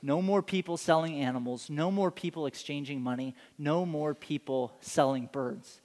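A man preaching a sermon, telling stories in an animated way and acting out the scenes. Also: a little high, moderate pace, long reverb tail. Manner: animated storytelling, acts out scenes. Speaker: pastor.

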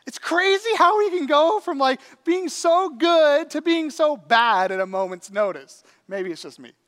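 A man preaching a sermon, telling a story in an animated, conversational way with acted-out quotes. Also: very high voice, a little slow. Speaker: pastor.

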